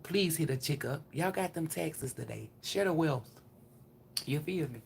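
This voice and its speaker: On a live stream, a woman gives a casual tarot reading, talking straight to her viewers in a blunt, chatty and profane way. Her low-pitched voice is animated, with vocal fry and a measured pace. The audio is very noisy.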